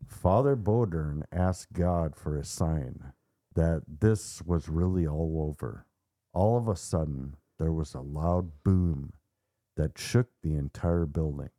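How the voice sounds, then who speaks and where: A man hosting a podcast, retelling a story in a measured, dramatic way. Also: very deep voice, warm tone, no echo, studio quality. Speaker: podcast host.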